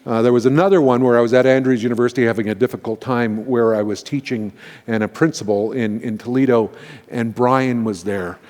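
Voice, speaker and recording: A middle-aged male pastor telling a personal story in a sermon, animated and candid, with self-deprecating asides. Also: mid-range voice, brisk. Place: church sanctuary. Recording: reverberant church hall.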